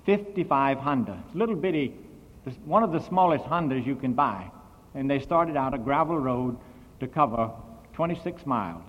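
A man preaching a sermon as a missionary, telling a story with big swings in volume and emphasis. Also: fairly high pitch. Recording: dull old recording, echoey hall.

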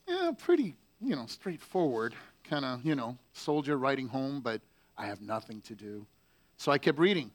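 A man's voice: medium pitch, sing-song, normal speed. A man telling a story in a casual, chatty way, full of fillers and wry asides.

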